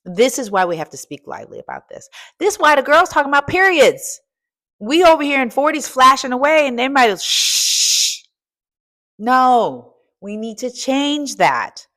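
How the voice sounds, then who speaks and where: A middle-aged American woman coaching and hosting, talking in an energetic, preachy and casual way, dropping in "y'all" and swinging from soft asides to loud exclaiming. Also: high-pitched, moderate pace. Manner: casual colloquial speech with "y'all" and "ain't". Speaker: coach and podcast host. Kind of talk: energetic motivational talk.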